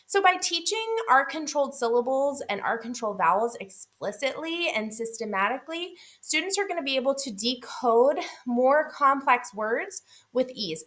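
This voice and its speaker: Woman, phonics lesson, higher voice, sharp bright tone, stretches out sounds. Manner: clear, deliberate, stretches out sounds. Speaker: literacy teacher.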